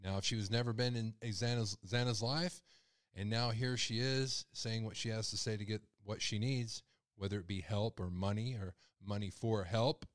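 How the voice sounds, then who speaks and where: A low-voiced man hosts a live call-in show as live-stream commentary, speaking with raw emotion, his voice rising when he gets upset. The sound is studio quality with no echo.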